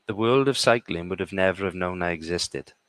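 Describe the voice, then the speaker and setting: A middle-aged British man with a very low, deep voice tells stories in a conversational way and keeps checking in with his listener. The sound is dry and close, with almost no room around it. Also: fairly quick, a bit bright, no room sound. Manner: punctuates points with "okay?". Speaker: guest speaker. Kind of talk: conversational storytelling. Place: live online conversation.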